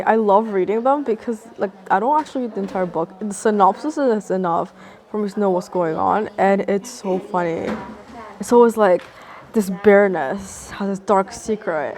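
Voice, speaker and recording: Woman vlogger, mid-pitched, rambling and sarcastic, swears freely, casual talk to camera. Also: moderate pace, darkish tone.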